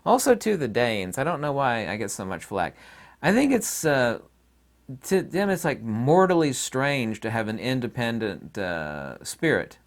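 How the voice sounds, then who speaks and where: A man's voice: mid-range voice, very animated, unhurried. A man hosting his own channel, talking in a rambling, opinionated and folksy casual monologue. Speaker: channel host.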